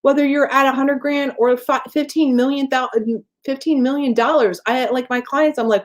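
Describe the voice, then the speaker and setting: A middle-aged woman business coach giving an energetic, emphatic motivational talk to camera in a casual way. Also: high-pitched, normal speed, hardly any pauses.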